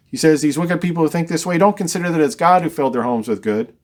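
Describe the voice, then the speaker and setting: A man's voice: a little high, quick pace, darkish tone. A man teaching a verse-by-verse Bible study, reading scripture and explaining it conversationally with dry, wry asides.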